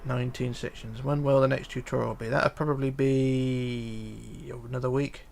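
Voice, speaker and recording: A man talks through a live stream in a gravelly, mid-pitched voice. He reads viewer comments aloud and mutters to himself as he works, with a lot of hesitant fillers. A faint hum of room noise sits behind him. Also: flat delivery, moderate pace, darkish tone. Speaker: livestreamer. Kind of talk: casual live stream chat while building.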